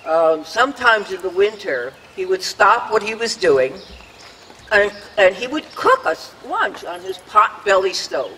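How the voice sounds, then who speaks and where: Older guy giving a memorial speech over a pa outside, bright forceful tone, long echo, faint noise. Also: sits high, big pitch swings, unhurried. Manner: earnest, reminiscing, animates the quoted voices. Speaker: speaker at a memorial dedication. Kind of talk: prepared speech with acted quotes. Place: outdoors at a public dedication ceremony.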